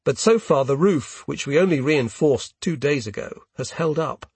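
Gravelly, husky man narrating a memoir. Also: a little high, lively intonation, darkish tone, no room sound. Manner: measured, grave. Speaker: audiobook narrator. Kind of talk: first-person audiobook narration.

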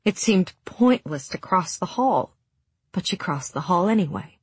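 A woman narrating a story in a hushed, emotive reading that sinks to near whispers, with a breathy voice. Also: on the low side, expressive, measured pace, no echo. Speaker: audiobook narrator. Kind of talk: scripted narration.

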